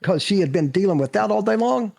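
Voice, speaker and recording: An older man spinning a show-business anecdote in a lively, high-pitched voice. His delivery rises and falls all over the place, and he acts out the other people in the story as he goes. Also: fairly quick, gravelly. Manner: animated, acts out quotes, laughs often. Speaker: guest, former actor.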